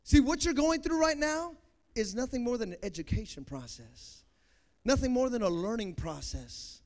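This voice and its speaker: A young man preaching a sermon as a pastor, swinging from loud emphatic peaks to quiet conversational asides. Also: very high-pitched, sing-song, normal speed. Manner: preaching, rising to loud emphatic peaks then dropping soft.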